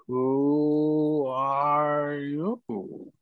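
A man voicing an eerie, neckless female farmer spirit who repeats her questions slowly, as if from far away. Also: on the high side, level tone, no room sound, phone-quality sound, pitched above the performer's own voice.

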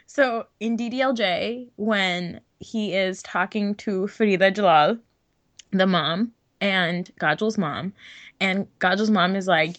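A woman's voice: medium pitch, slow, a bit bright. A young woman co-hosting a podcast in casual chat, giggly and full of fillers. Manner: chatty and giggly, many fillers. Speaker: podcast co-host.

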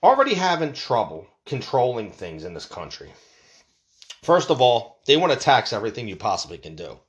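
Animated man ranting with lively pitch. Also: brisk, highs cut off. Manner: animated, profane, rambling storytelling. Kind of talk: casual ranting monologue.

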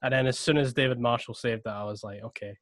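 A man's voice: medium pitch, fast, dry recording. Young Scottish man, dry close sound. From Scotland. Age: young adult. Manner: animated storytelling with slang. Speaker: podcast co-host. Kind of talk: casual chat.

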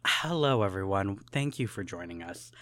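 A man co-hosting a casual comedic podcast, playful and jokey, with mock-formal asides and bursts of loud excitement. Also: on the low side, moderate pace, no room sound. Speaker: podcast co-host.

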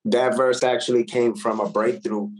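A man's voice: medium pitch, little pitch movement, moderate pace. A man, a recording artist, talking casually and earnestly in an interview, reflecting on how he writes, with lots of "like" and "man" fillers.

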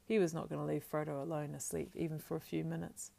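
A woman narrating a storybook aloud in a steady, measured reading with small slips. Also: low voice, vocal fry. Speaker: audiobook narrator.

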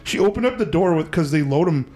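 Man, podcast host, fairly high voice, casual, swears a lot, acts out quotes. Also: lively intonation, fast, darkish tone. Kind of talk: casual storytelling.

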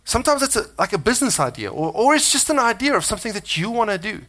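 A male pastor delivering a loose, conversational sermon, his voice sitting a little higher than most men's. He speaks earnestly and with animation, often doubling back on words mid-sentence. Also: quick pace. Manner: earnest, animated, with frequent restarts and repeated words.

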